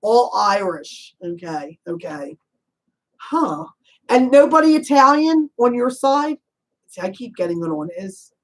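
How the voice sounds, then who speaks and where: A chatty woman giving a casual spirit reading, her voice sitting at a middle pitch for a woman. She fires off quick probing questions, laughs easily, and drops in endearments like honey and hon. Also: sing-song, rough recording. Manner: chatty, warm endearments, frequent "you know". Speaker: psychic medium.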